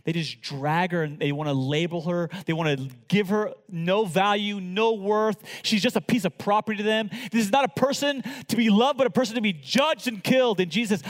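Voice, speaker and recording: Man, pastor, sermon, high-pitched, dynamic, loud to hushed, reverberant hall. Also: moderate pace.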